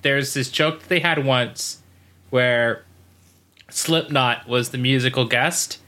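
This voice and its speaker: A man's voice: medium pitch, takes it slowly. A man in casual chat, rambling through a long anecdote and acting out the quotes. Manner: rambling, animated storytelling with acted-out quotes.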